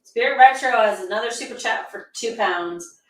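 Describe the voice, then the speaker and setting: Reading viewer super chats aloud, a woman co-hosts a casual livestream and playfully teases her partner. Her voice is fairly high and a bit bright, at a moderate pace. She sits set back from the mic, so the sound is distant with a roomy echo.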